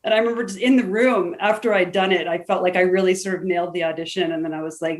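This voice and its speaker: A woman actor telling a long story on a video call, chatty and animated, acting out what people said. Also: fairly low pitch, fast, few pauses. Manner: animated, chatty storyteller who acts out quotes.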